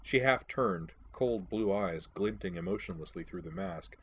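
A man's voice: sits low, normal speed, a little hiss or hum. A man reading a first-person audiobook, telling the story in a wry, dry-humored way.

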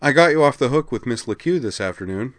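A man's voice: mid-range voice, animated, fast, no room sound, pitched above the performer's own voice, natural voice. Man voicing a breezy, blunt teen girl. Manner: casual, offhand, quietly teasing. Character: easygoing teenage girl duelist, blunt and breezy. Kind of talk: audiobook character reading.

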